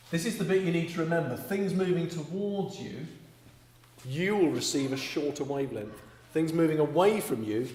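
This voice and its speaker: A man teaching an astronomy class, explaining step by step and often checking with "okay?". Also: medium pitch. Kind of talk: classroom lecture. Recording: echoey classroom with faint hum.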